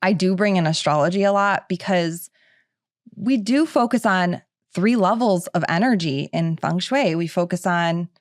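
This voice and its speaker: A woman's voice: lowish voice, lively intonation, moderate pace, dry recording. A middle-aged woman hosting a podcast in a chatty, casual monologue, full of filler words. The sound is dry and close. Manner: chatty, filler-heavy with frequent "like". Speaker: podcast host.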